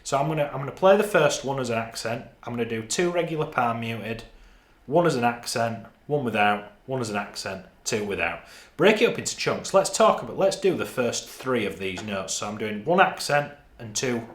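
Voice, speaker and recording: A man's voice: medium pitch, very animated, brisk, reverberant. A man with a Northern English accent teaching a guitar lesson, counting beats and explaining parts as he plays. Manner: talks through parts while playing, counting beats aloud.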